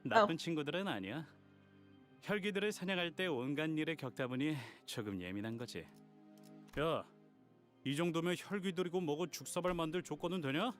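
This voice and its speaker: An actor playing a friendly, level-headed male hunter in a game, speaking calmly and reasonably with a mildly critical edge. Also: on the high side, very fast, soft background music. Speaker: game character voice. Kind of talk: Korean voiced game dialogue.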